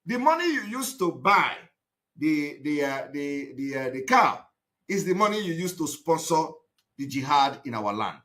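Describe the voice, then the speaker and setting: A man delivers a live broadcast monologue in a high, bright voice. He talks with emphasis, repeats himself and now and then bursts into shouting. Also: big pitch swings, moderate pace. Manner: emphatic, repetitive, with shouted outbursts. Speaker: activist broadcaster.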